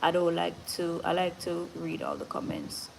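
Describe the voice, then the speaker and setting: A woman's voice: lowish voice, very animated, normal speed, creaky, a little hiss or hum, low-quality recording. A woman with a Jamaican accent, hosting a casual live stream and reading viewer comments. She talks in an earnest, motivational way, moves between patois and standard English, and is short of breath.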